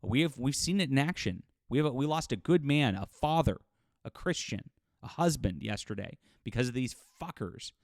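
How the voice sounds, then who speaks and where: A man's voice: mid-range voice, animated, moderate pace, dry recording, studio quality. Livid man ranting on a commentary show. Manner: agitated and indignant, with frequent restarts and ranting. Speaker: commentary host. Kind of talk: angry commentary monologue.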